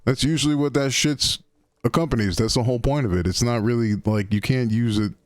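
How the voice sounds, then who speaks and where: A man's voice: mid-range voice, steady tone, a little fast, dry recording, clean studio sound. A man casually commenting while playing a game on a live stream, rambling and swearing and riffing on slang.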